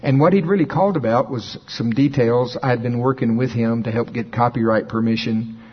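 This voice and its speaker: An older man preaching, telling a story with lively quoted dialogue, his voice jumping high when he acts out phone calls. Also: normal speed, slightly rough, dull audio. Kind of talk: sermon storytelling.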